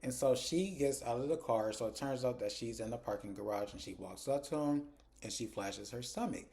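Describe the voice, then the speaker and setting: A man's voice: medium pitch, a little fast, a little mellow. A man casually recapping a TV episode, blunt and chatty, talking straight to his viewers. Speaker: TV episode reviewer.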